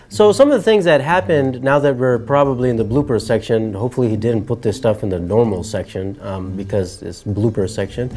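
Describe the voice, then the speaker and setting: A man's voice: mid-range voice, a little mellow. A man hosting a year-end commentary show, wry and sermonizing with jokey asides. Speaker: show host.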